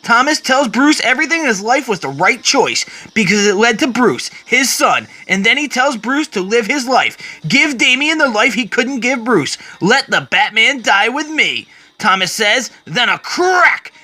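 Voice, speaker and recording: A man's voice: very high-pitched, animated, normal speed, few pauses, bright, forceful tone. A man retelling a comic book story as a dramatic reading, quoting the characters along the way.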